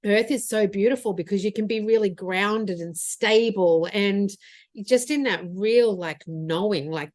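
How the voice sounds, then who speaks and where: A woman mentor delivers a motivational talk in a mid-range voice. She sounds earnest and expressive, thinking aloud with fillers. The recording is close and dry. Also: medium pitch, a little slow, dry recording. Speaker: business mentor.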